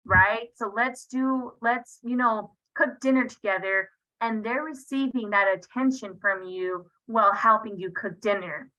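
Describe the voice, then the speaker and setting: A woman's voice: medium pitch, measured pace, hardly any pauses, sharp tone, low-quality recording. A woman presenting an online parenting workshop over a video call, talking casually and checking in with her listeners often. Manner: conversational, checks in with frequent "right?". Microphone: video call computer mic.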